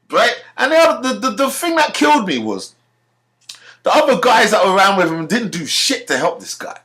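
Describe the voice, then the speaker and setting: A man's voice: on the high side, fairly quick. A man delivering a rambling, profane ranting monologue and telling stories. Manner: rambling, profane, animated storytelling. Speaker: vlogger.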